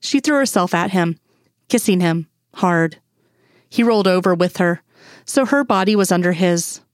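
A woman narrates fan fiction in a steady, even manner. Her voice sits somewhat low for a woman. The recording is dry and close with no room sound. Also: normal speed, dry recording. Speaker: audiobook reader.

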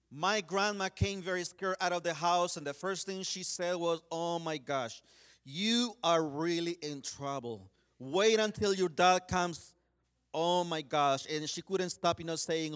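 A man preaching a sermon, telling a personal story in an earnest way, often restarting and saying "you know", swinging between urgent pleas and hushed quiet. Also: fairly high pitch.

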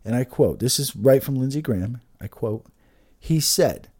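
A man's voice: medium pitch, lively intonation, normal speed, darkish tone, breathy edge. A man giving an agitated, profane political rant, full of restarts and swearing. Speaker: political commentator. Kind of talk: ranting political monologue.

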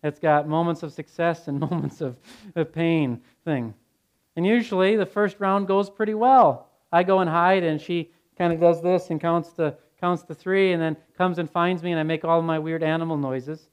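A man's voice: on the high side, steady tone, moderate pace, clear, resonant tone. A male pastor preaching a sermon, blunt and earnest, telling stories in a conversational way. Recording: dull lo-fi sound.

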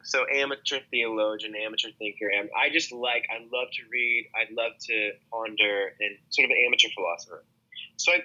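Man, very bright tone, rambling and thoughtful, interview chat, dull lo-fi recording. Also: mid-range voice. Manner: rambling, thoughtful, with frequent restarts. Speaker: musician and podcast guest. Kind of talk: casual interview talk.

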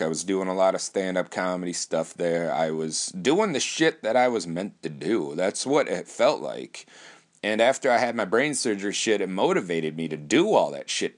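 A man from Wisconsin hosting a podcast, talking in a rambling, profane casual monologue with frequent restarts. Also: fairly low pitch.

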